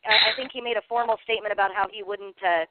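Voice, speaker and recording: A man's voice: high-pitched, fairly even intonation, racing, very noisy. A man hosting a radio talk show, reading history items and laughing often, with hesitant fillers. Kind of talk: casual comedic radio chat. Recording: dry, tinny phone-like radio sound.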